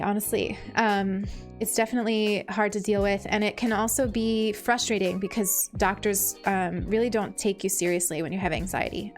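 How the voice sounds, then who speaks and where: Bubbly higher-pitched woman streamer. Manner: gushing, thanks viewers with many fillers. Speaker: streamer reading chat. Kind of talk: casual live-stream chat. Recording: faint background music.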